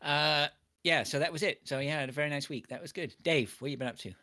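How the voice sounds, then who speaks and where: A man's voice: fairly high pitch, fast, bright, forceful tone. Male podcast host, casual and sweary, prone to rants. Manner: sweary, ranting storyteller. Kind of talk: casual chat.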